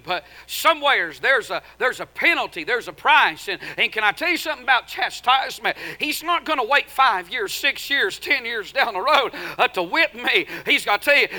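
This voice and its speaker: A male preacher with a high, very bright, cutting voice delivers a sermon in church. He moves from hushed asides to loud, emphatic declarations. He often stumbles and restarts with "uh, uh". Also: low-quality recording. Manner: frequent stammered restarts with "uh, uh".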